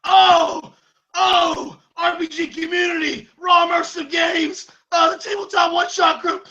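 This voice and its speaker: A man cutting an over-the-top, wrestling-style promo as an RPG channel host, yelling, unhinged and swinging into mock sobbing. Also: very high voice, level tone, a little slow, vocal fry, highs cut off.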